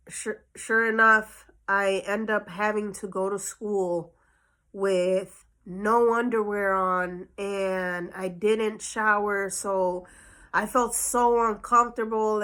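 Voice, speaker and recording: A woman's voice: mid-range voice, level tone, slow, fairly bright tone, clean tone. A woman telling a personal story on her vlog in a casual, chatty way full of fillers, slightly short of breath. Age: adult. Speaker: vlogger.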